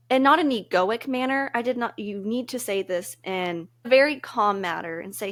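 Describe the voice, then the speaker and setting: A woman's voice: mid-range voice, normal speed, fairly bright tone. Earnest woman giving casual advice. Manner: earnest and reflective, laughs easily. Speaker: podcast co-host.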